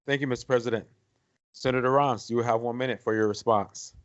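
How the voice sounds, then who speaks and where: A man's voice: mid-range voice, fairly even intonation, a little fast. A man moderating a mock debate, formally repeating thanks and keeping time, recorded on dull lo-fi audio. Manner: formal, repetitive, trying to keep order.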